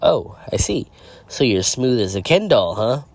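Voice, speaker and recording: A man's voice: mid-range voice, unhurried, voice pushed up. A man voicing a hyper, joking male mercenary antihero in a fan-written audio story. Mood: mocking. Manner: goofy, excitable, joking.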